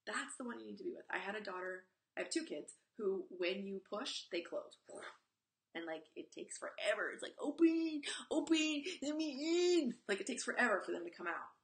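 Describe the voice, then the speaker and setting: A woman's voice: medium pitch, brisk, vocal fry. A woman in her forties, a parenting coach on a live stream, talking bluntly and nonstop, swearing freely and telling stories from her own family. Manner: talks nonstop in an animated, emphatic way. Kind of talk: live-stream talk to viewers.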